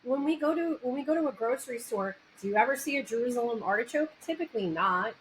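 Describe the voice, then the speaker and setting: A woman's voice: fairly high pitch, lively intonation, fast, rough recording. A woman with a New York Italian accent hosting a casual interview, talking animatedly and restarting her sentences. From New York area. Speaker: podcast host. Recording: faint background noise, backup mic.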